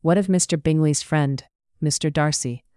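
A narrator voicing a kind, soft-spoken young gentlewoman in an audiobook reading of a period story. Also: medium pitch, moderate pace, clear, resonant tone, no room sound, studio quality, close to an everyday voice.

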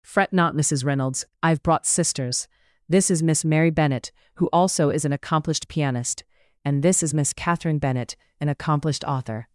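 An audiobook narrator voicing a lively, mischievous young woman who talks eagerly and playfully. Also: medium pitch, moderate pace, clean tone, close to an everyday voice. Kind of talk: audiobook character voice.

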